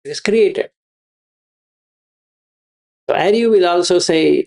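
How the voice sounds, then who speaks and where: A man's voice: sits high, slow, gravelly, pauses often, a little mellow. A man giving a Buddhist teaching, repeating his phrases and asking rhetorical questions. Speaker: meditation teacher.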